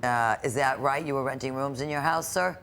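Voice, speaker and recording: A woman's voice: a bass voice, a little fast, a bit bright. A woman presiding as judge on a courtroom show, questioning the parties and scolding the defendant sternly.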